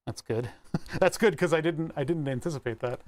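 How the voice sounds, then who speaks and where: At normal speed, a young man with a fairly high, darkish voice chats to himself while working on electronics. He's a hobbyist vlogger from the Delaware County area of Pennsylvania, prone to rambling and wordplay.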